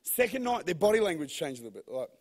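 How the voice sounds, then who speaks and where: High-voiced preacher in an echoing hall. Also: male voice, fast, husky. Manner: animated storyteller who swings from hushed to shouting. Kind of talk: sermon. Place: large church hall. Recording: long hall reverb.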